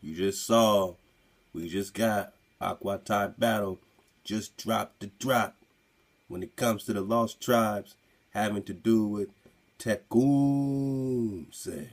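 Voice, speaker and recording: Very deep-voiced male radio host; emphatic, questioning commentary. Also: slow. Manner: emphatic, animated interjections and rhetorical questions. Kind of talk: commentary over a played clip.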